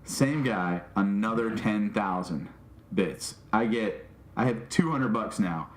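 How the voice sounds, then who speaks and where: A man co-hosting a casual podcast, telling animated stories and acting out what people said. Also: fairly low pitch, slow pace. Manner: animated storytelling, acting out quotes. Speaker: podcast co-host and streamer. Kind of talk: casual chat. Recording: roomy echo.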